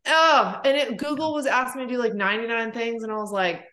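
A woman's voice: a little high, bright, forceful tone. A young woman guesting on a podcast, talking in sassy, blunt casual chat from home. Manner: sassy, blunt, quick asides. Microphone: podcast mic at home.

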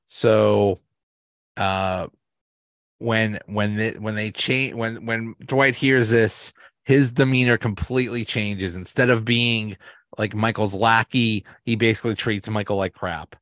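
A man, hosting a podcast and casually recapping sitcom episodes, halting often with fillers and restarts. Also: fairly low pitch, steady tone, a bit bright, dry recording, studio quality. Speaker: podcast host.

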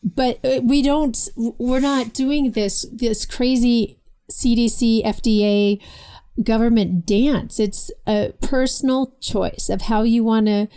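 A woman co-hosting a casual political talk show, chatty and lively, with quick asides and read-aloud comments. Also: a little high, smooth. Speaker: podcast co-host.

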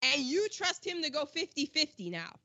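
Brief: woman podcast co-host, high and very expressive, loud exclamatory film recap. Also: moderate pace, highs cut off. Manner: animated, exclamatory storytelling with slang. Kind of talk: casual film discussion.

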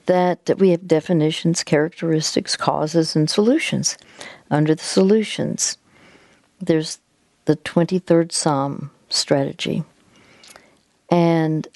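A woman hosting a Christian call-in counseling show, gently coaching a caller and guiding her through slow deep breaths, with many halting restarts. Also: dry recording. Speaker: radio counseling host.

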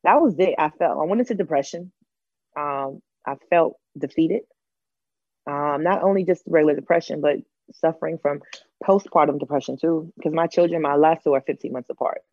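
Storytelling woman, lower voice. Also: brisk, dry recording, lo-fi sound. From Los Angeles. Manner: animated, acts out other people's lines. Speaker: guest. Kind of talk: candid storytelling interview.

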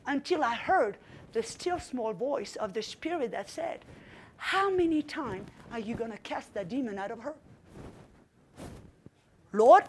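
A middle-aged woman preaching a sermon, telling a story with fervent emphasis and commanding outbursts. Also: sits high. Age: young adult in 1994, now middle-aged.

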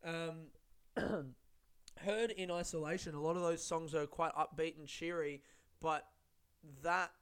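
Fairly high in pitch, this man's voice is smooth and fairly bright, with a steady tone and an unhurried delivery full of pauses. He hosts a solo podcast through a studio-style mic, rambling casually, swearing a lot and mocking himself.

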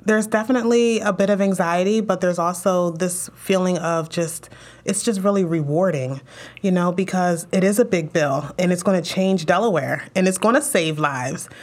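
A woman's voice: on the low side, normal speed. A young woman legislator being interviewed, talking emotionally and animatedly about her work and family. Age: young adult. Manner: emotional, animated storytelling with laughs. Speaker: state legislator.

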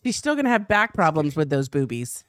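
Female podcast co-host, opinionated and animated; dry, close mic. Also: low-pitched, brisk, no echo. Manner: blunt, opinionated, reads chat comments. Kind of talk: casual chat.

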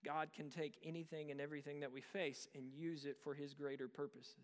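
A man's voice: a little high, flat delivery, brisk, long reverb tail. A pastor in his thirties preaching a sermon, telling a personal story in a conversational way with rhetorical questions. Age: 30s.

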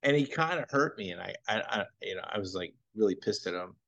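A comedian guest telling an anecdote on a podcast, laughing and acting out what others said. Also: male voice, lowish voice, quick pace, creaky, lo-fi sound. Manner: animated, laughs while telling, acts out quotes. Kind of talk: anecdotal storytelling.

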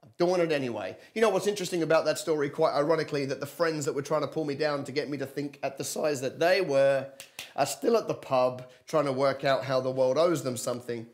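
A man, giving an energetic livestream sermon and calling on viewers to respond. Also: medium pitch, fast talker. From London and Australia. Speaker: preacher and business coach.

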